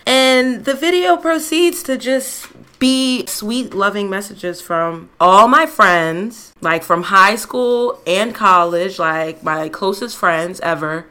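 A young woman co-hosting a podcast, telling a story in casual chat, animated and laughing, with some swearing. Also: mid-range voice, slow, clean tone. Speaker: podcast co-host.

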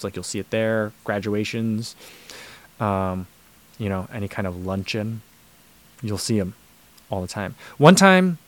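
An American man with a medium-pitched voice hosts a livestream, reading out viewer comments and chatting casually. His talk is full of fillers and restarts, and the recording is dry.

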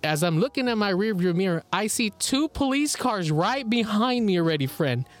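A man co-hosting a podcast, telling a story in animated, casual chat, swearing freely and laughing often. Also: sits high, normal speed. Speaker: podcast co-host. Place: indoor recording with co-host beside him.

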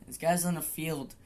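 Woman, low voice, podcast host, rambling, profane, laughs a lot. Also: a little mellow, slight background noise. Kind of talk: casual solo podcast rant.

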